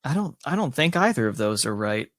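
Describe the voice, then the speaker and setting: A man's voice: mid-range voice, big pitch swings, brisk, fairly bright tone, no echo, studio quality. A man joining a casual podcast as a guest, joking and poking fun at himself while guessing answers. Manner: jokey, self-mocking.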